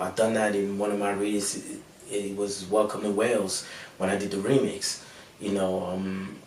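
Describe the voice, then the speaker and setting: Laid-back man with an American twang. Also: on the low side. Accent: American-sounding English. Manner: laid-back, many fillers and restarts. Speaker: rapper and producer. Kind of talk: casual interview answers. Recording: roomy echo, mic at a distance, faint background hum.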